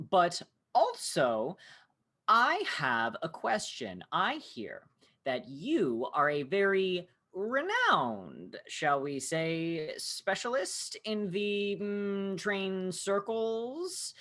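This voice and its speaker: A woman's voice: mid-range voice, sing-song, extremely slow, a bit bright, voice pushed up, exaggerated voice. A woman voicing an eager, fawning young man who admires a famous train enthusiast, in a tabletop game. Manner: earnest, fawning.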